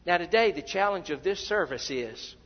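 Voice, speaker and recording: A man preaching a sermon, who acts out the voices of the people he quotes and repeats words when he gets excited. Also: sits high, moderate pace. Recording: dull sound in a big reverberant hall.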